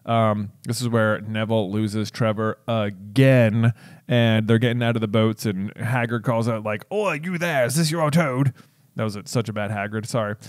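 A man co-hosting a casual podcast chat about a book, animated and quick to laugh. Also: on the low side, no echo, clean studio sound. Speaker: podcast co-host.

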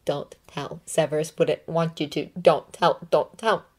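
A grieving young man in a storybook, withdrawn and curt, who answers in a low, quiet, clipped voice, as a woman reads him. He gives short replies and keeps people at a distance. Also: steady tone, a little slow. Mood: hushed.

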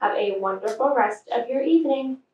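A woman, a teacher, reading a picture book aloud to children in a slow, expressive way. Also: on the high side, slight background noise. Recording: echoey room from far off.

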